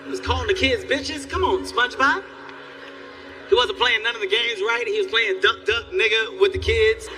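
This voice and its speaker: Male stand-up comic, high-pitched and sharp, animated delivery, miked on a stage some distance off. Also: moderate pace, over music. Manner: animated storytelling, acts out characters, yelling bits. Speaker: stand-up comedian. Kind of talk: stand-up comedy set. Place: theater stage before a live audience.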